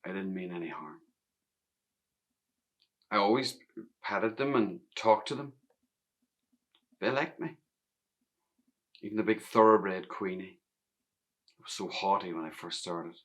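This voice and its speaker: Actor as wistful Northern Irish stableboy, low hushed monologue. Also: male voice, expressive, a little slow, long pauses. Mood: reflective. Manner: reflective, intimate, often hushed. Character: grown stableboy remembering his youth, wistful. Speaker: actor in a one-man play. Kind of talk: theatrical monologue narration.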